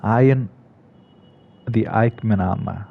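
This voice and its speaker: A man's voice: on the low side, takes it slowly, creaky. A man giving casual commentary on a game, hesitant, with many fillers and restarts. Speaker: gaming video creator. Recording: slightly dull lo-fi recording.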